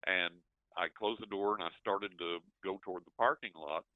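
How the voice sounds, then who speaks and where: An older man, telling an animated story as an interview guest and acting out his own reactions. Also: sits low, normal speed, dry recording. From West Texas. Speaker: guest, psychic. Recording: dry, tinny phone line.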